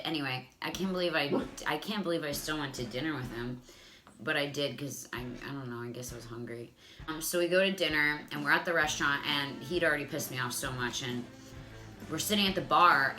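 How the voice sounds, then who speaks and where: A woman in her thirties tells a comic dating story in a low but bright, punchy voice. She swears freely and leans on "like" as filler. Faint music runs underneath. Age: 30s. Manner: profane, animated, fillers of "like". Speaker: vlogger. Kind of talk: comedic storytime monologue.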